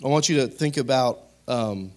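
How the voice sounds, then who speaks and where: A man preaching a sermon as pastor, talking straight to his congregation in a conversational way, rising to loud emphatic peaks and dropping to quiet asides. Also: medium pitch, moderate pace. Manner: conversational, addresses the congregation directly.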